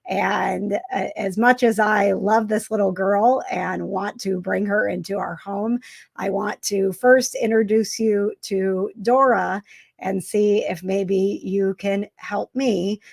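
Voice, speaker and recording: A woman hosting a casual live stream, speaking in a halting, emotional way with many fillers and restarts. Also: medium pitch, flat delivery, vocal fry, a little mellow, no room sound. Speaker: vlogger host.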